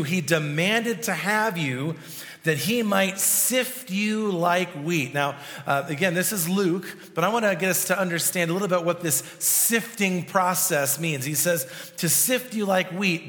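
A man's voice: high-pitched, unhurried, in a large hall. A male pastor preaching a sermon, with frequent restarts and fillers. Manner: prays softly, then preaches with restarts and fillers.

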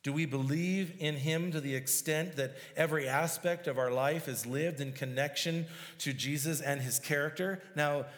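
A man's voice: a little high, normal speed, a bit bright. A man preaching a sermon, reading scripture aloud and explaining it verse by verse with emphasis. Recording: long hall reverb.

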